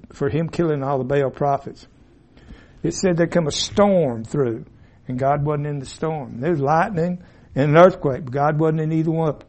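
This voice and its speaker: In a classroom with a board, a man with a high-leaning, darkish voice teaches an informal Bible class in a folksy, rambling way full of asides and restarts. A room mic captures him, and at times he's turned away from it.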